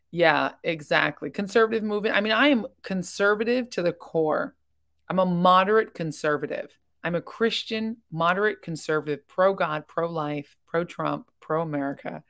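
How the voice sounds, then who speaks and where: A woman's voice: fairly low pitch, fairly bright tone. A woman hosting a casual livestream, rambling in a chatty way and talking openly and emotionally while reading viewer comments. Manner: chatty and rambling, with quick jumps between topics. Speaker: livestream host reacting to videos.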